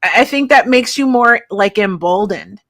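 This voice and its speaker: A woman's voice: mid-range voice, lively intonation, moderate pace, a bit bright. A woman hosting a podcast, reacting to her guest and adding comments in a conversational, affirming way. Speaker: podcast host. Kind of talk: interview conversation.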